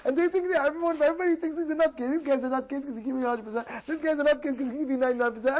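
Excitable high-voiced man giving a sermon. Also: racing, hardly any pauses, muffled recording. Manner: excitable, acts out dialogues, repeats phrases. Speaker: rabbi giving a Torah class. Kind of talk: animated sermon.

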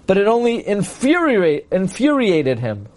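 Animated high-voiced man teaching Talmud. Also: a little slow. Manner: reads Aramaic then explains in English, animated. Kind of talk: Talmud class, reading and translating.

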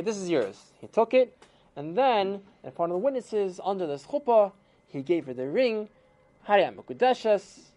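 Animated woman storyteller, low voice. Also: slight background noise. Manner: expressive, switches voices, Yiddish and Hebrew terms.

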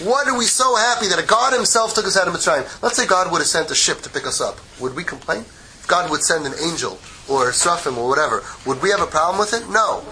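A man teaching a Torah lesson in an animated, joking way, mixing Hebrew quotes with English explanation. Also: high voice, quick pace, a little hiss or hum, poor audio. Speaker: rabbi teaching a class.

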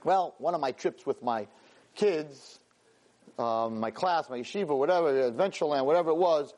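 A rabbi and teacher tells a story in a Torah class, animated and poking fun at himself while sprinkling in Hebrew and Yiddish words. His voice is fairly high and his pace moderate.

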